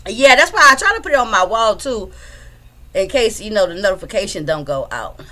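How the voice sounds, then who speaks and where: A woman's voice: medium pitch, big pitch swings, a little fast, pushed and bright. A woman hosting a casual livestream from home, chatting loosely and greeting her viewers by name. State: a bit out of breath. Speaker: livestream host.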